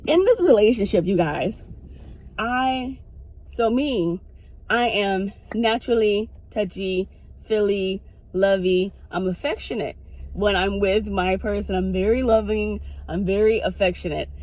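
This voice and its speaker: A woman vlogger telling a personal story to her camera in a frank, animated way, swearing freely. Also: mid-range voice, a little slow. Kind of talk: casual storytime monologue. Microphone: self-recorded on camera. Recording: dull lo-fi sound.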